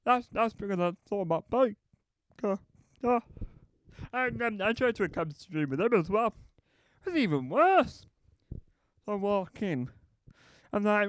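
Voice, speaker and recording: High, smooth-voiced man telling rambling stand-up. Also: very animated, measured pace, pauses often, no room sound. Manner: meandering, self-correcting, acts out both sides of conversations. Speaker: stand-up comedian.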